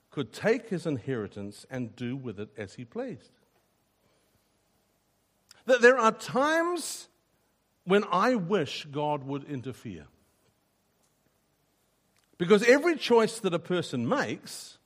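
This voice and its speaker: A man's voice: on the high side, fairly bright tone. A man preaching a sermon, earnest and emphatic, often repeating a word as he starts a sentence. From New Zealand.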